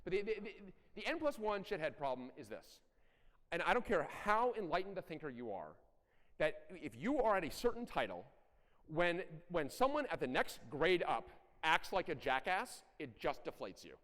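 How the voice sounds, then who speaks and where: A middle-aged man giving a conference talk, animated and blunt, with self-deprecating asides and occasional profanity. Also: a little high, moderate pace. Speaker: conference speaker. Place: large conference hall. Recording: echoey hall.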